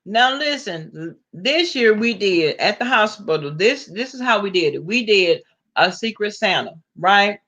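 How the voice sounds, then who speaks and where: A woman's voice: mid-range voice, measured pace, dull audio. Sassy Southern woman telling stories. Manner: sassy, animated, laughs often. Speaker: vlogger. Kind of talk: casual storytelling.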